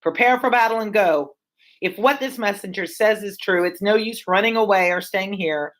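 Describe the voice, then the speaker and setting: A woman's voice: medium pitch, normal speed, pitched above the performer's own voice, natural voice, poor audio. A woman reading the part of a weary, doomed king aloud from the text in a classroom read-aloud of a play. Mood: grim. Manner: reads the lines aloud from a text. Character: weary doomed Scottish king Macbeth, man.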